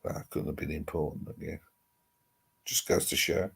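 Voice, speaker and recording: A bass male voice with little pitch movement, vocal fry, a breathy edge and a slightly bright tone keeps a moderate pace. He's a livestream host chatting casually with live viewers from home, laptop on lap and its mic picking him up, rambling with mild swearing.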